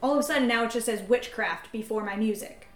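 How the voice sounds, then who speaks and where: A woman with a fairly high voice tells a story in loose, chatty podcast talk, piling up fillers as she goes. The room around her is echoey and reverberant. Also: fast, slight background noise. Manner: animated storytelling with many fillers. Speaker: podcast co-host. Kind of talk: casual faith-talk podcast chat.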